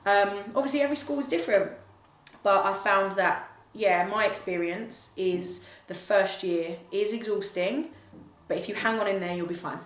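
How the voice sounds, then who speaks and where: A woman's voice: mid-range voice, moderate pace. A woman teacher giving frank, reflective advice in a casual talk. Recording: roomy room, faint noise.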